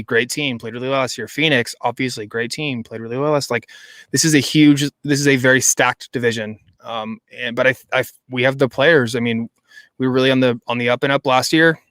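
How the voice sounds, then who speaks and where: A man's voice: medium pitch, fairly bright tone, no echo. Male podcast co-host, casual and eager, rambling, dry close sound. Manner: enthusiastic, rambling with many restarts. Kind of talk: casual chat.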